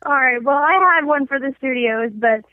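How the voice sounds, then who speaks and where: A woman's voice: high voice, normal speed. Enthusiastic woman over a tinny line. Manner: enthusiastic, playful. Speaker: podcast guest. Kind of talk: casual podcast chat. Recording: dry, tinny phone-like line.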